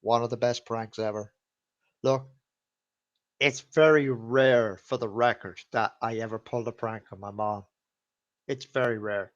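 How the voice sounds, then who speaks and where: A man's voice: mid-range voice, fairly even intonation, a little slow, long pauses. A man hosting a live stream, telling stories casually, swearing freely and laughing at his own tales in front of a camera. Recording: slightly dull lo-fi sound.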